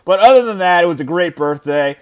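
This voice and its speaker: A man of thirty hosting his own sports podcast from home, telling stories in a lively, rambling way with many restarts. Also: high-pitched, fairly quick. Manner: animated storytelling, many restarts and filler words. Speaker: podcast host. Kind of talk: casual solo sports podcast chat. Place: his house.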